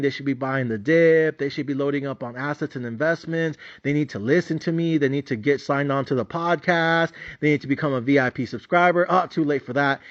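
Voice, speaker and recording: A man hosting a podcast, telling stories in a profane, animated comedic rant that is full of repetition. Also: a little high. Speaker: podcast host. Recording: slightly dull, dry lo-fi recording.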